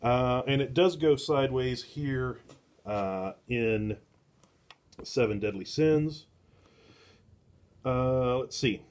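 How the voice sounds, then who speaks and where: A middle-aged man hosts a casual comic book review at an unhurried, drawn-out pace. He rambles, stops and restarts, and pads his thoughts with plenty of filler words. His voice sits at an ordinary pitch for a man. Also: darkish tone. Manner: slow and deliberate. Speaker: book club host.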